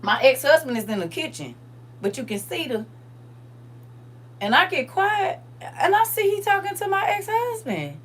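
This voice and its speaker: Woman livestream host, casual storytelling, animated and blunt delivery. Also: sits high, normal speed, pauses often. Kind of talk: casual storytelling to a live chat.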